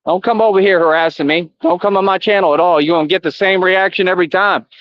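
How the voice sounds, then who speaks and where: A man's voice: high voice, steady tone, fast talker, dry recording. A middle-aged man streaming live outdoors, taunting his chat in a confrontational, repetitive rant. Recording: dull lo-fi, dry.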